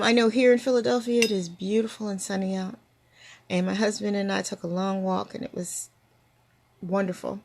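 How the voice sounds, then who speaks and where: Her voice is mid-range and creaky: an older woman hosting, recounting personal stories to camera in a thoughtful way, with frequent laughter.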